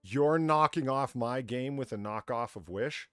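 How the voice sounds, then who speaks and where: A man's voice: mid-range voice, measured pace, no room sound, studio quality. A man hosting an online comedy game show, rambling through stories and laughing at his own jokes while swearing freely. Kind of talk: casual comedic chat.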